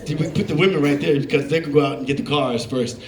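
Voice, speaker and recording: A man doing a stand-up comedy set, telling animated stories and acting out the voices of the people in them. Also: fairly high pitch, quick pace, very noisy. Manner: animated storytelling, acting out voices, laughing along. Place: comedy club stage. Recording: roomy club with live audience. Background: audience laughing.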